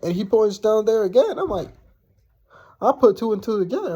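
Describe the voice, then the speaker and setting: A man's voice: high-pitched, sing-song, moderate pace, long pauses, mellow, breathy edge. A young man casually telling a personal story, blunt and profane, rambling with lots of fillers.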